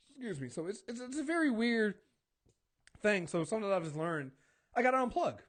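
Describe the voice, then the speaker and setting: With a high, very animated voice and fast delivery, a man hosts a talk-show podcast full of casual chatter, profane rants, and acted-out exchanges.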